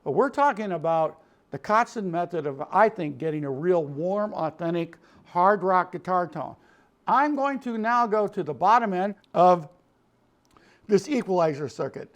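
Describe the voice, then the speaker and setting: A man's voice: high-pitched, lively intonation, moderate pace. A middle-aged man with a Chicago accent, a studio producer giving a folksy, hands-on demonstration of guitar tone. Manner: folksy, calls people "Mister". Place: recording studio.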